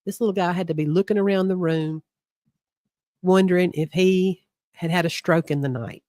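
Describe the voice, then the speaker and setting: A woman's voice: fairly low pitch, moderate pace, darkish tone, no room sound, studio quality. A woman co-hosting a Bible study, reading scripture aloud with chatty asides between passages. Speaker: co-host of a Bible study show.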